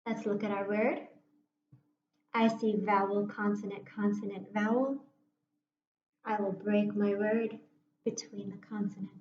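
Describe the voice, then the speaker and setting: A woman teacher giving a slow, patient phonics lesson to young children, sounding words out and inviting them to read along. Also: medium pitch, level tone, darkish tone, a little hiss or hum. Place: room at a whiteboard. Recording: echoey room, dull muffled sound.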